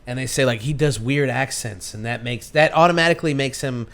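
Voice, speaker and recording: A man's voice: mid-range voice, a little fast, fairly bright tone. A man co-hosting a podcast, a few beers in, rambling in casual chat with many restarts and frequent laughter. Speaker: podcast co-host.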